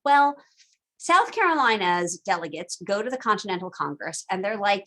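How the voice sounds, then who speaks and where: A woman's voice: mid-range voice, big pitch swings, normal speed, bright, forceful tone. A woman teaching a casual recorded lecture, chatty and full of asides and fillers.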